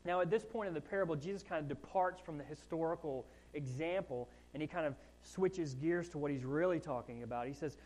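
A man's voice: fairly high pitch, fairly quick, hardly any pauses, a little mellow, low-quality recording. A man preaching a sermon in a conversational way, with asides and rising emphasis on key points. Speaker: pastor.

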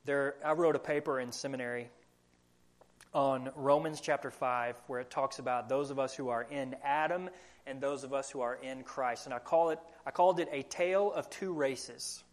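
A man's voice: medium pitch, steady tone, moderate pace. A young adult man with a country accent preaching a sermon as pastor, earnest and asking the congregation questions. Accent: American Southern country.

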